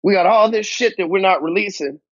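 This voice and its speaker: Guy with a kinda high voice ranting about business, cusses a lot, dull dry audio. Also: fairly quick, fairly bright tone, no room sound. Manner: blunt, heavy swearing, slangy grammar. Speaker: business coach. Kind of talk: profane motivational talk to camera.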